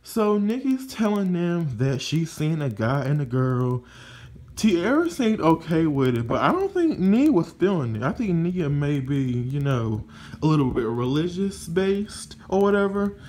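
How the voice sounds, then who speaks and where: Animated, gossipy man reviewing a reality show. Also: on the high side, a little slow. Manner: animated, profane, gossipy, many fillers. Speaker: reality TV recap vlogger. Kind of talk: casual episode review.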